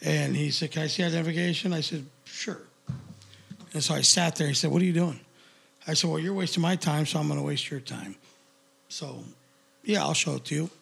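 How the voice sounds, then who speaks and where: A man's voice: a little high, gravelly, breathy edge. A middle-aged man in casual chat, telling a story bluntly and with lots of swearing. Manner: profane, blunt, animated retelling.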